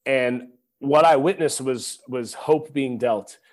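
A man in his thirties tells a heartfelt story in an earnest, preacher-like cadence, calling his listeners y'all. His voice sits at a middle pitch. He speaks as a podcast guest into a studio microphone. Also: slow pace. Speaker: podcast guest, former linebacker. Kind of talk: reflective storytelling.

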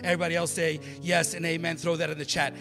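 A man with a high, bright voice preaches a sermon, moving from soft, quiet passages to loud, emphatic calls. His voice rings with a long hall reverb, and faint music plays behind him. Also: little pitch movement, fast. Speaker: pastor.

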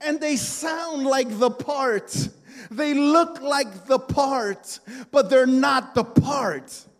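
Man, pastor, impassioned sermon, high-pitched, echoing church sanctuary. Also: extremely slow. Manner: impassioned, repetitive calls to the congregation. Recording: long hall reverb.

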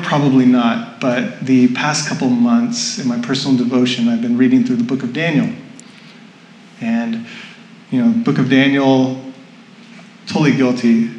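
A man's voice: mid-range voice, echoey room, a little hiss or hum, low-quality recording. A man preaching a sermon, telling a personal story in a chatty way and laughing often. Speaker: pastor. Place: church hall with audience.

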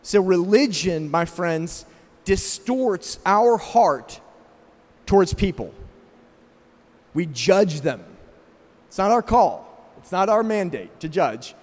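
A man's voice: sits high, expressive, slow pace, pauses often, darkish tone, in a large hall. A middle-aged man with a slight South African accent preaching a sermon as pastor, emphatic and asking the congregation rhetorical questions. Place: church sanctuary.

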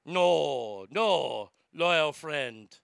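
A man's voice: a little high, lively intonation, drawn-out words, creaky, a bit bright, clear, resonant tone, no room sound, clean studio sound, pitched below the performer's own voice, full character voice. A man voicing a sly male scorpion in a put-on French accent, suave and mock-polite.

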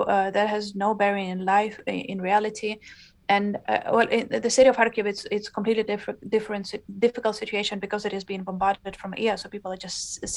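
A young woman from Ukraine giving earnest interview answers, halting with many fillers. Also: mid-range voice, vocal fry. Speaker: interview guest.

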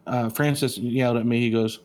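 A middle-aged man speaking as a guest, earnest and conversational. He keeps restarting his sentences and acts out other people's words as he tells a family story. His pitch sits in an everyday middle range. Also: steady tone, a little fast, a little mellow. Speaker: guest, father. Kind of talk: casual storytelling.

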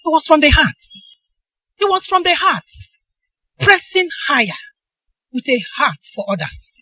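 A woman's voice: high voice, very animated, a little slow, no room sound, dull audio. A middle-aged woman with a Nigerian accent preaching a sermon, emphatic and asking the congregation questions for them to answer.

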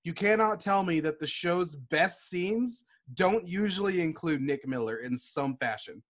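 Eager high-voiced man, casual chat. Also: animated, a little slow. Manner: eager, stumbling retelling with repeated words. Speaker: podcast co-host.

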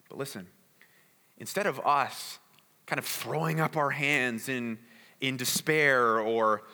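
A man's voice: a little high, pushed and bright. A man preaching a sermon in a conversational way, often repeating words and asking "right?". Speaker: pastor. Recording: reverberant hall.

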